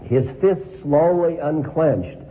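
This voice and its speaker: A man's voice: on the high side, slow. A man reading a story aloud, then reflecting on it as a spiritual teacher and questioning his listeners. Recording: phone-like line with faint noise.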